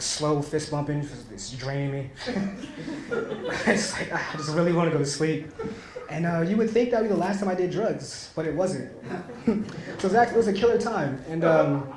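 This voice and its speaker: A man performing a stand-up comedy set, telling a story and often laughing at his own jokes. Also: a little high. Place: small comedy venue stage. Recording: echoey room with faint noise.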